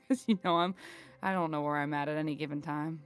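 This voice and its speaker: Woman playing a rambling, excitable circus leader. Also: sits low, brisk, clear, resonant tone, faint music behind. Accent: slips into a southern twang. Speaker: player. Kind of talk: in-character tabletop role-play.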